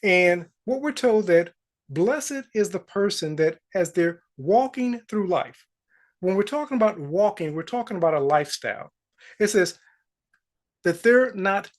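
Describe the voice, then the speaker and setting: Male manifestation coach, motivational talk, measured and deliberate delivery. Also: high voice. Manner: slow, deliberate storytelling, quoting scripture.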